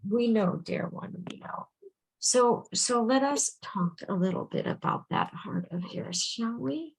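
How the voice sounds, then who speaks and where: Woman channeling, slow gentle delivery, husky creaky voice, soft whispers, video call. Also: a little high, animated, poor audio. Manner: slow, soothing, speaks as a collective "we", often murmurs "dear one". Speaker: channel giving intuitive readings.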